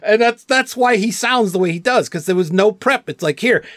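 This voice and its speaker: A man's voice: sits high, moderate pace, no echo, studio quality. A male voice actor, a guest on a podcast, telling stories casually and acting out the people he quotes. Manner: animated storyteller, acts out quotes. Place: outdoors, with gnats around.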